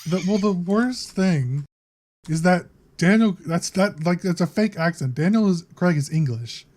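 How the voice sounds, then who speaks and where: Chatty young-sounding man, slightly high voice. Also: animated, a little slow, a little mellow. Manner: chatty, laughs often, quotes lines in put-on voices. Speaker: podcast co-host. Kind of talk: casual movie discussion chat.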